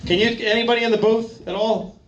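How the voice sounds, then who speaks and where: A man doing a stand-up set at a comedy club stage, telling crude bits in a halting, deadpan way full of fillers, into a handheld mic. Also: extremely high pitch, lo-fi sound, background noise. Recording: roomy club, loud laughing crowd. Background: laughing audience.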